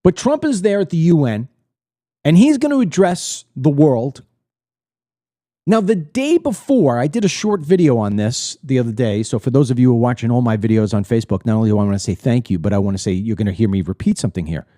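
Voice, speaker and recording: A middle-aged American man hosts his own political commentary show and talks straight to the camera. His delivery is blunt and indignant, with emphatic stresses and repeated words when he gets heated. His voice has a dark, mellow tone, recorded dry and close with almost no room sound. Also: mid-range voice, animated, a little fast, dry recording. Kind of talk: opinionated monologue to camera.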